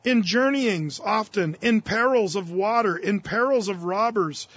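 High pitched guy preaching, reads the bible verses then explains em casual, gets fired up. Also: measured pace, fairly bright tone, breathy edge, dry recording, dull audio. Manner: reads scripture aloud, then paraphrases it in casual speech; fervent, rising in force on key verses. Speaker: pastor. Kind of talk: expository sermon.

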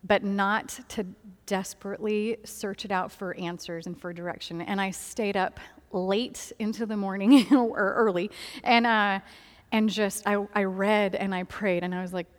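A woman's voice: mid-range voice, fairly even intonation, measured pace. Woman's earnest testimony in a reverberant hall. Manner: earnest and candid, often laughing softly, many fillers. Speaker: speaker sharing a personal testimony. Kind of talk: personal faith testimony.

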